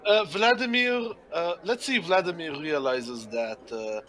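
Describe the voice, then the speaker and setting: A man playing a tabletop game, his voice bright and sharp. He talks a little high and eager, stumbling through his restarts. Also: a little slow. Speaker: player.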